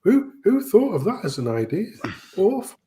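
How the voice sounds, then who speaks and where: A man in casual conversation on a stream, ranting about things that annoy him. He swears freely. His pitch sits slightly high and jumps around a lot as he gets worked up. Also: sing-song, normal speed, warm tone. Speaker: stream co-host. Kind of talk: casual chat.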